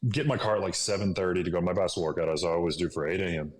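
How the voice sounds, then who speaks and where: A man in his thirties, a podcast guest, earnestly retells a personal story, dropping into whispers for remembered thoughts. He talks rapid-fire in a low-pitched voice, recorded in an echoey room with faint noise.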